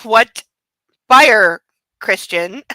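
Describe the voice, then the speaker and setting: A woman's voice: fairly high pitch, moderate pace, pushed and bright, no room sound, poor audio. A woman reading the lines of a worried middle-aged mother in a firm, slightly raised tone. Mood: stern.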